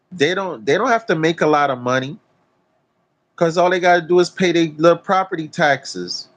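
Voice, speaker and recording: A man's voice: a little high, a bit bright. A man vlogging outdoors, ranting bluntly to his phone camera with heavy swearing and a preachy tone. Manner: profane, preachy, emphatic. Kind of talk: blunt talk-to-camera rant. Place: outdoors in nature.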